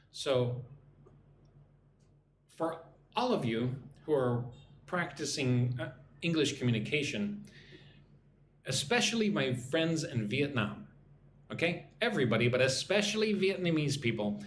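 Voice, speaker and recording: A man teaching an English lesson on a live stream, talking slowly and checking in with "right?" after his points. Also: on the high side, very animated, slight background noise. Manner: slow, repeats points with frequent "right?". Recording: echoey room, faint ambience.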